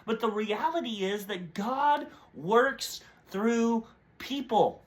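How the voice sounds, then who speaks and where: A man's voice: extremely high pitch, animated, takes it slowly. A man giving a short devotional sermon, telling a parable and briefly voicing its characters before drawing a lesson. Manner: storytelling with brief voiced characters. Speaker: preacher.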